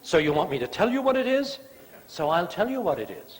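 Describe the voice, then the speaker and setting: A man's voice: sits high, sing-song, fairly quick. A man voicing an exasperated male prophet who bites out every word with sarcasm. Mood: sarcastic. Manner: clipped, gritted-teeth sarcasm. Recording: long church reverb.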